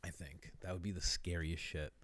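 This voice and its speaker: A man's voice: low voice, level tone, moderate pace, fairly bright tone, no echo. A man in casual, rambling conversation who swears freely and laughs often. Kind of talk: casual chat.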